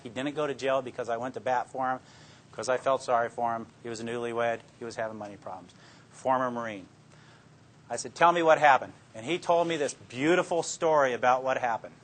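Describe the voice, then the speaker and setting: A man's voice: medium pitch, fairly bright tone. Older man telling folksy police stories. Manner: folksy, plainspoken storytelling that acts out his own interrogation lines. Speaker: police detective speaking to law students. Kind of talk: anecdotal talk to an audience.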